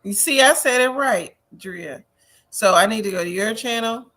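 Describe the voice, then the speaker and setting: A woman hosts a casual gossip chat over a video call, chatty, easily amused, a little tipsy, and fumbling with screen sharing. Her voice is on the high side, brisk and a bit bright, with a little hiss or hum in the audio.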